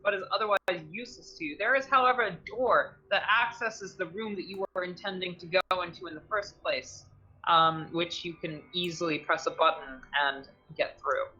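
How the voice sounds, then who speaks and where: A woman running a tabletop game as game master, narrating with many halting ums and restarts. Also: lowish voice, bright, forceful tone, highs cut off.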